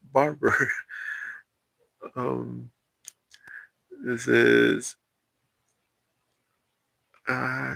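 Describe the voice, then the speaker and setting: A man from Mexico with a Mexican Spanish accent, whose first language is Spanish, chatting on a live stream and answering viewer comments in a halting way with many fillers and restarts. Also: medium pitch, creaky, fairly bright tone, no room sound, low-quality recording. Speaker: livestream host.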